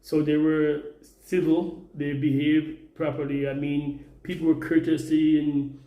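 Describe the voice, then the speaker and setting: A man's voice: on the high side, little pitch movement, unhurried, muffled recording. A Jamaican man vlogging at home while cooking, rambling and exasperated, repeating himself as he talks. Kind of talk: casual vlog while cooking. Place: home kitchen. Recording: echoey room.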